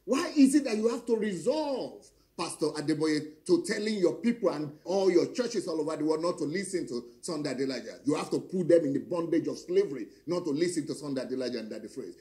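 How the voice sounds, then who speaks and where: A man's voice: fairly high pitch, lively intonation, fast talker, few pauses, dark tone. A middle-aged man, preaching in a confrontational, declaiming way with pointed rhetorical questions. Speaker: pastor. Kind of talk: fiery preaching monologue.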